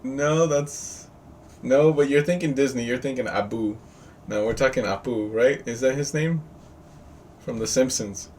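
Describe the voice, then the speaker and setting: Man, online class teacher, chatty and jokey, quizzes students, mid pitch, distant video-call mic, faint background hiss. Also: unhurried, a little mellow. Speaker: trading teacher.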